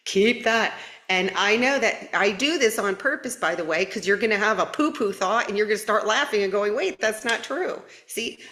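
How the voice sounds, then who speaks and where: A playful woman hosts a live spiritual update, giggling often and jumping up high now and then. Her voice sits a bit low. The room around her rings with echo. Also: fairly bright tone. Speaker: spiritual channel and live stream host. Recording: roomy echo.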